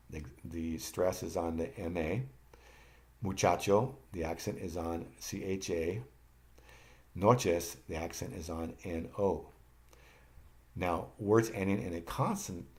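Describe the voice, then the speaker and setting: A man with a very low voice walks learners through a slide lesson. He speaks patiently and repeats each phrase so they can say it back. Now and then he stops mid-word and corrects himself. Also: a little mellow. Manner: occasional restarts and self-corrections. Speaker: language teacher. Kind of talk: slide-based lesson narration.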